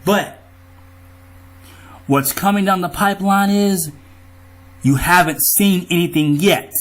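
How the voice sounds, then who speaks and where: A man's voice: high-pitched, slow, fairly bright tone. A man in an angry monologue to his viewers, riled up, profane and ranting. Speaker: vlogger.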